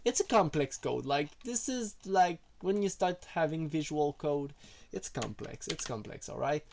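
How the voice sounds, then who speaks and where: A man's voice: on the high side, expressive, a little slow, creaky, darkish tone. A man giving a casual, rambling programming walkthrough, full of fillers and self-deprecating asides. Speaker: programming tutorial creator. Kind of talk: casual screen-recorded coding walkthrough.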